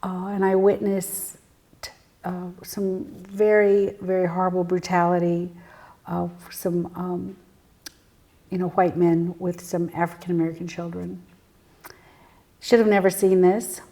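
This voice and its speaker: A woman guest telling personal stories in an interview, earnest and reflective, halting with fillers and sometimes sinking to a near whisper. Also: on the low side, level tone, dark tone. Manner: halting, with frequent fillers and restarts. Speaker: guest, spiritual medium.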